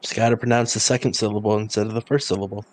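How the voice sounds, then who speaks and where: A man's voice: lowish voice, steady tone, rapid-fire, poor audio. A man co-hosting a podcast, chatting casually and making dry joking asides while his friend plays a game. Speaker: podcast co-host watching a game. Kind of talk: casual chat.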